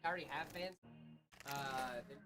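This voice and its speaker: A man's voice: on the high side, steady tone, a little fast, over music. A man co-hosting a livestream in a joking, casual chat, reading out follows and viewer questions. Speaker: stream co-host.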